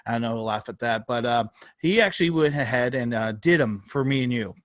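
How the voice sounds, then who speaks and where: A man's voice: medium pitch, brisk, fairly bright tone, no echo, clean studio sound. A man co-hosting a casual sports podcast, rambling and joking, swearing freely. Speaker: podcast co-host. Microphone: phone held up, on video.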